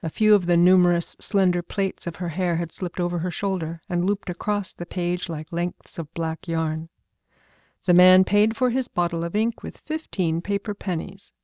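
Audiobook narrator, woman, measured and calm, dry booth sound. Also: lowish voice, no echo.

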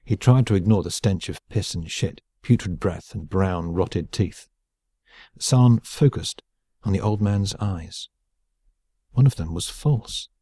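A man reading an audiobook in a measured, even storytelling voice on a close mic. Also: sits low, breathy edge, dry recording. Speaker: audiobook narrator. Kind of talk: scripted narration.

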